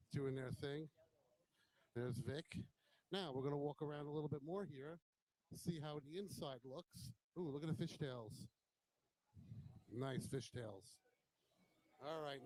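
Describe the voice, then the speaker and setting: A man's voice: fairly high pitch, a little mellow, dry recording, low-quality recording. A man hosting a motorcycle vlog, walking around a bike show with a handheld camera and giving casual, admiring commentary on each bike, now and then swearing bluntly. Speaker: motovlog host.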